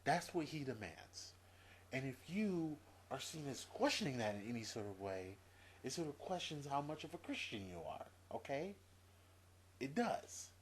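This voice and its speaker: A man's voice: sing-song, normal speed, a little hiss or hum. A man venting to camera in a profane opinion rant, exasperated and repeating his points. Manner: exasperated, profane, repeats himself, swings from low mutter to loud. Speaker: video blogger.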